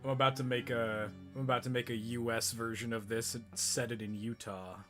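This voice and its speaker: A man's voice: medium pitch, level tone, a little fast, music in the background. A man chatting laid-back on a live stream, often giggling. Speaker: artist and co-host. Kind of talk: casual stream chat.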